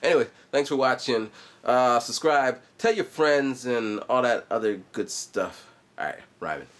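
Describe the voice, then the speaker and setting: A man's voice: medium pitch, animated, measured pace, a bit bright. A man in his forties, a vlogger and musician, chatting casually in a loose, rambling way full of asides. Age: 40s. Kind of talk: casual vlog chat.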